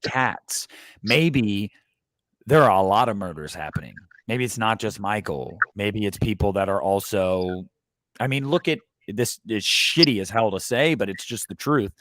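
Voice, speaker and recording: Casual co-host, male, lower voice, dry close sound, sarcastic and animated. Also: normal speed, no echo. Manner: animated, sarcastic, reads chat comments aloud. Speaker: podcast co-host. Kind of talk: casual livestream chat.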